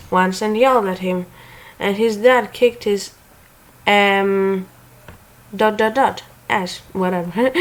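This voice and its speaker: Woman, story reading, slow pace, stumbling, self-correcting, joking asides. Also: medium pitch, a little hiss or hum, rough recording. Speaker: narrator reading a revenge story aloud.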